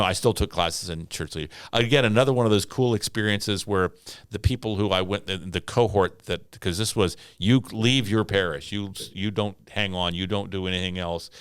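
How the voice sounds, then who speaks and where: Old guy w a really low gravelly voice, rambly, lots of uh and repeats, dry close sound. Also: fairly bright tone, no echo. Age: older. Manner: rambling, many repeated words and fillers, chuckling asides. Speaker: retiring pastor, podcast guest. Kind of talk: casual reminiscing chat.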